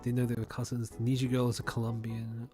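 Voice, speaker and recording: A young man from Australia with a polished Australian accent, chatting casually on a livestream. He rambles, laughs often, repeats words as he starts sentences, and enunciates crisply. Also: medium pitch, monotone, fast talker, warm tone. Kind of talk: casual livestream chat, reading chat.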